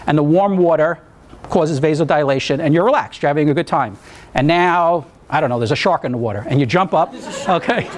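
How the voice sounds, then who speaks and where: A man from New teaching an EMT class, explaining in a conversational way, telling anecdotes and asking the room questions. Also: a little high. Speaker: EMT instructor. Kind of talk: classroom lecture.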